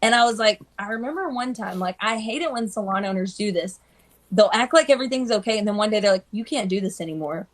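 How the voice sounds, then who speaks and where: A woman hairstylist chatting casually on a live stream, telling animated stories and acting out the people she quotes. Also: mid-range voice, fast talker. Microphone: phone.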